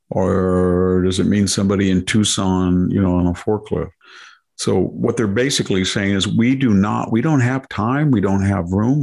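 A man's voice: on the low side, darkish tone. An older man hosting a political talk show, delivering sardonic commentary full of mocking rhetorical questions. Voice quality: gravelly, husky. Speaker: podcast host.

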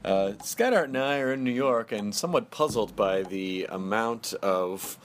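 A man's voice: on the low side, moderate pace. A man in his thirties hosting a podcast, chatting casually and reading ads in a jokey, rambling way. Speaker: podcast host. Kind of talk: casual chat with ad reads. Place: New York studio.

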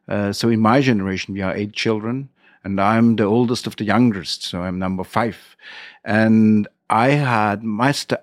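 German-accented man, halting English, dry sound. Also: fairly low pitch, no room sound. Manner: halting non-native English with fillers and restarts. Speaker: winery owner guest. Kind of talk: interview.

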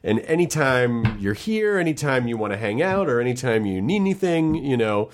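A man's voice: mid-range voice, big pitch swings, moderate pace, a little hiss or hum. A middle-aged man hosting a podcast, chatting in a friendly, rambling way with many restarts. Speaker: podcast host. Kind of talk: casual chat.

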